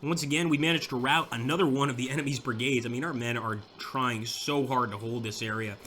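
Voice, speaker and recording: Excitable Southern man narrating a game battle. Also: mid-range voice, fairly quick, slight background noise. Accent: American Southern. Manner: excitable, shouts at units during the battle. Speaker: gameplay commentator. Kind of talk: let's play commentary.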